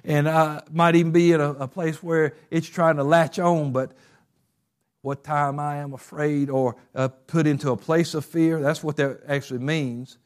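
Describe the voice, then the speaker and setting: A male pastor delivers a sermon in a voice pitched a little high. His delivery moves between easy, conversational storytelling and fervent, rising exhortation. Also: fairly even intonation, normal speed. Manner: preachy, builds to fervent shouts.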